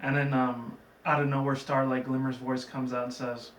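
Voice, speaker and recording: A man's voice: mid-range voice, little pitch movement, moderate pace, few pauses, a bit bright. A man casually recapping a cartoon episode in a chatty, digressive way, with lots of fillers. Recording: roomy, from a distant mic, faint background noise.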